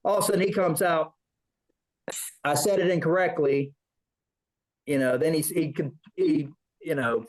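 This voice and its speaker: A man's voice: fairly high pitch, fairly even intonation, moderate pace, pauses often, poor audio. A man, a veteran, telling a rambling story in an interview, acting out the voices of people he quotes. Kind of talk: casual storytelling.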